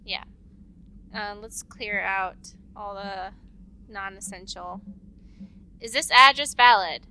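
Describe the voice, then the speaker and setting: A woman's voice: mid-range voice, takes it slowly, bright, forceful tone, a little hiss or hum. A woman co-hosting a let's play, chatting and giggling while she plays, sharing her theories aloud. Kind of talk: casual gaming chat.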